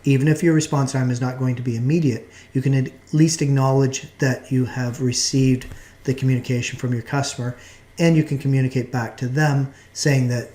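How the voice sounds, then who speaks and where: A man giving a recorded course lecture in a measured, explanatory way, now and then restarting a phrase. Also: medium pitch, steady tone, warm tone.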